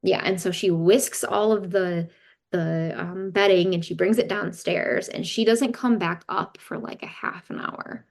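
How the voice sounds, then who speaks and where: This woman, a doula, has a lowish, gravelly voice with fairly even intonation and a measured pace. As a podcast guest, she tells a long personal story casually and candidly, recounting events and quoting other people.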